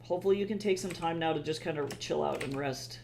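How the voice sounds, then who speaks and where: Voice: medium pitch, quick pace, creaky, darkish tone, slight background noise. A streamer chatting casually and rambling, swearing freely, tired from too little sleep. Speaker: livestreamer. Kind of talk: casual livestream chat.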